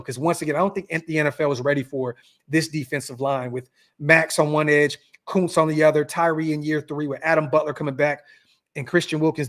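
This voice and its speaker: A man hosting a casual sports podcast, speaking straight to his viewers in a slightly high voice. He talks with animated energy. He loops back on his own phrases and restarts them as he goes. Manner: animated, repeats himself, many restarts and fillers. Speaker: podcast host.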